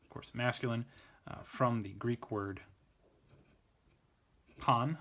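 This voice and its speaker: A man's voice: medium pitch, steady tone, takes it slowly, sharp tone. A man giving an informal Latin grammar lesson, thinking aloud, often restarting and correcting himself. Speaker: Latin tutor.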